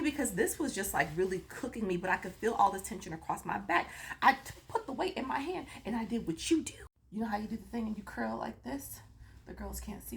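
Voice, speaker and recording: A woman's voice: a little high, gravelly, slight background noise. A woman vlogger giving a rambling, playful recap of her gym workout, sometimes dropping into a whisper. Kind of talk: casual chatty workout recap.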